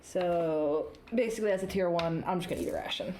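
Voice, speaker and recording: A woman's voice: fairly low pitch, fairly quick, crowd noise. A young woman playing a tabletop game, decisive and teasing as she plans with the group. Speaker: player. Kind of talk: casual tabletop game chat. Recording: echoey room with music underneath.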